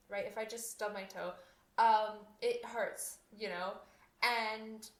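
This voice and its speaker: Young adult woman, chatty podcast host, rambling and laughing, slightly high voice, echoey room. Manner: chatty, rambling, frequent fillers and restarts, laughs often. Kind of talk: casual solo podcast talk.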